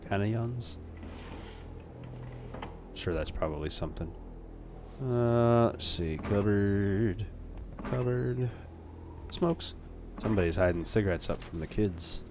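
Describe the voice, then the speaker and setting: A man with a low voice gives casual, chatty commentary as he plays a game. He mutters to himself and jokes at his own expense while a faint hiss sits behind him. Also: normal speed. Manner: chatty, self-deprecating, talks to himself. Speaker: let's play host.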